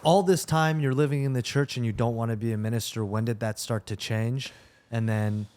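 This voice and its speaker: A man's voice: mid-range voice, fairly even intonation, fairly quick, a little mellow, clear, resonant tone. A man interviewing a guest, asking casual questions and rephrasing them as he goes.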